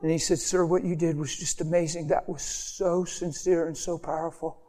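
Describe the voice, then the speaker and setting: High pitched guy preaching, all fired up then going soft and quiet. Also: normal speed. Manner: impassioned, swings from loud animated storytelling to hushed intimate tones. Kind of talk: sermon with storytelling.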